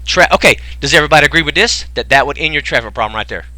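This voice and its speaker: An excitable man hosts a casual online sales pitch. He talks in folksy slang and keeps firing rhetorical questions at his audience. His voice is very bright and lively, with big swings in pitch. It sits dry and close on the mic. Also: rapid-fire, no echo. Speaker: webinar host pitching a business program.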